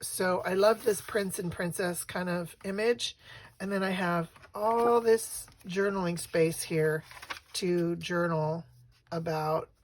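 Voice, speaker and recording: A middle-aged woman with a lowish voice, chatting casually as she shows her craft pages. She talks softly and rambles, with many fillers and restarts. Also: slow pace, a little hiss or hum. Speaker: craft vlogger.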